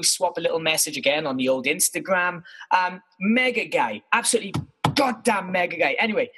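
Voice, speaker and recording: Husky man telling stories animatedly. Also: sits high, low-quality recording. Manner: animated, self-mocking, swears freely. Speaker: podcast co-host. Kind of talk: casual storytelling monologue. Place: his bedroom.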